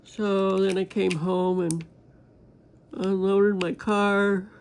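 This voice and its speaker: A woman's voice: mid-range voice, flat delivery, drawn-out words, darkish tone, slight background noise. A woman crafting vlogger chatting casually and rambling to her viewers while she works on a diamond painting.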